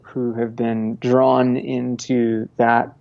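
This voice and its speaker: A man's voice: medium pitch, flat delivery, drawn-out words, creaky, lo-fi sound. A man in his thirties from Montana, a podcast guest talking casually, rambling with many restarts and frequent laughs. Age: 30s. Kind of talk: casual conversational interview.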